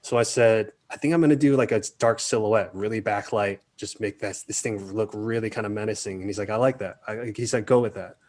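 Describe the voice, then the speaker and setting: A man in a casual interview, recalling his career in a relaxed, talkative way. He slips into quoted voices as he tells stories, and his voice sits on the low side. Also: brisk, hardly any pauses. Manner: animated storyteller, acts out quotes. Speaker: film director, interview guest.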